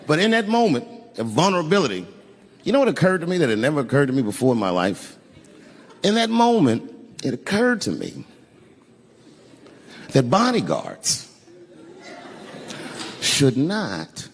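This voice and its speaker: A man doing profane, animated stand-up storytelling on stage with a handheld mic, punching up lines with sudden shouts. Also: high voice, moderate pace, pauses often, background noise. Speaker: stand-up comedian. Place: stage in a large venue. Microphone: handheld microphone. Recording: echoey live venue.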